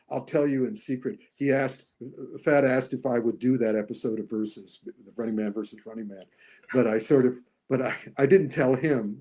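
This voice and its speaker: A man talking casually as a podcast guest about films, animated, often acting out lines he quotes. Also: mid-range voice. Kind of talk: casual podcast movie discussion.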